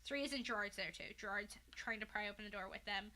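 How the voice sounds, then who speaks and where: Bright-voiced woman rambling casually. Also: medium pitch, fast. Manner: rambling, full of "like" and "um", swears freely. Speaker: podcast host. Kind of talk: casual recap of a fan fiction.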